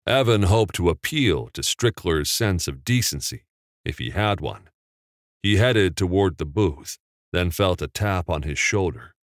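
A man narrating a novel in a measured, unhurried storytelling manner. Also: sits low, expressive, no room sound, studio quality. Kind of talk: audiobook narration.

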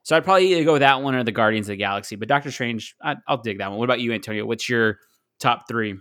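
A male podcast host talking through movie rankings and awards. He is chatty, restarts his sentences and laughs easily. His pitch sits in the middle of the usual range for a man. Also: racing, a bit bright. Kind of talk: casual podcast chat.

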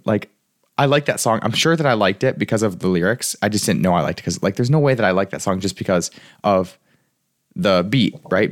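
A young man hosts a casual life coaching podcast, talking fast in a somewhat low voice. He rambles cheerfully, laughs often and fills his talk with "like." The sound is dry and close, with no room in it. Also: dry recording. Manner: chatty, rambling, laughs often, says "like" a lot.

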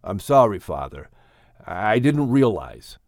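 An earnest, apologetic young son, as a male narrator voices him in an audiobook. He asks his questions sincerely, in the reader's own pitch. The sound is close and dry. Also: lively intonation, moderate pace, darkish tone, no room sound, close to an everyday voice. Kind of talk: audiobook character reading.

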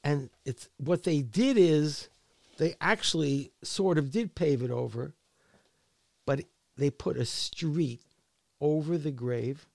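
Male author, interview guest; unhurried, gravelly, hesitant delivery. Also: on the high side, darkish tone, no room sound. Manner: halting, repeats words often. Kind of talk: conversational interview.

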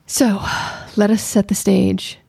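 A woman's voice: medium pitch, level tone, takes it slowly, gravelly, mellow, husky, no room sound. A woman co-hosting a podcast in casual, playful chat with her wife. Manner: playful, teasing, chatty. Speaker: podcast co-host.

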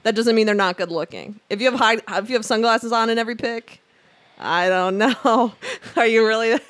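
A woman's voice: a little high, moderate pace, a bit bright. A young woman co-hosting a podcast in casual chat, candid and blunt, often laughing. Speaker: podcast co-host.

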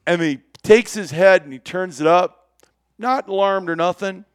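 A man telling a hunting story in lively, animated fashion, acting out the dialogue and laughing often. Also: sits high, normal speed, smooth, no echo, clean studio sound.

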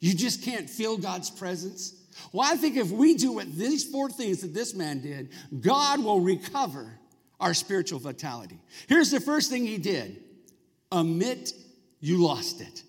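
A man's voice: high voice, sing-song, normal speed, husky. A male pastor preaching a sermon in a church, talking conversationally and prompting the congregation to answer back. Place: church sanctuary. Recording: long reverb of a large hall.

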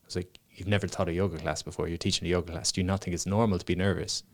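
A man's voice: deep voice, flat delivery, racing. A young man, a motivational speaker, chatting casually and telling stories in which he acts out the people he quotes. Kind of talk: casual podcast chat.

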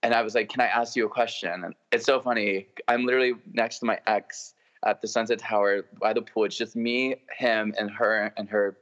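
A man's voice: fairly low pitch, brisk, few pauses. Gossipy young man telling stories. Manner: gossipy, animated, full of filler "like". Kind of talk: casual chat, storytelling. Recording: dull lo-fi recording.

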